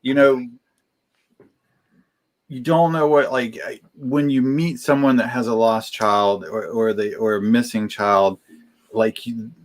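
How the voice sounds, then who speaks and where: A man co-hosting a casual podcast chat, speaking haltingly with many restarts as he tries to stay calm. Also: medium pitch.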